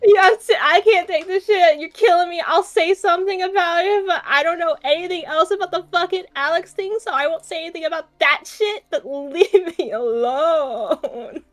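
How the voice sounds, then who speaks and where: A woman's voice: very high-pitched, normal speed, few pauses. A woman co-hosting a podcast, telling a story in casual chat, often laughing, swearing and restarting her sentences. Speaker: podcast co-host.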